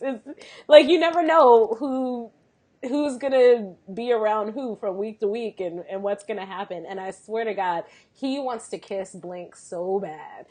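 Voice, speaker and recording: A woman's voice: medium pitch, unhurried. A woman co-hosting a podcast, chatting casually and laughing often. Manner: giggly, expressive. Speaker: podcast co-host. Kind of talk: casual chat.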